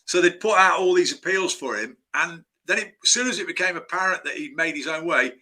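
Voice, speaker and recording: A screenwriter guest with a very bright, fairly high voice chats animatedly and fairly quickly in a casual interview. His stories are rambling and anecdote-driven, and he keeps breaking off to restart sentences.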